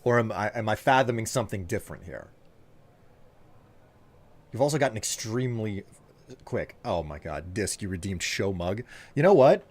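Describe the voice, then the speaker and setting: A man with a somewhat low voice talks casually to his live-stream audience. He teases viewers playfully and thanks them one by one by name. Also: lively intonation, moderate pace, pauses often, a little mellow.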